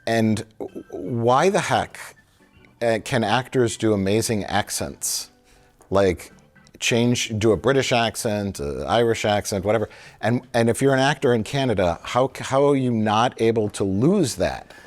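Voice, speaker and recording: A man's voice: fairly low pitch, lively intonation, faint music behind. A man co-hosting a movie review chat, rambling with lots of fillers and jokes. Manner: rambling, halting, full of fillers; jokey, slips into silly voices. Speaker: film review show co-host.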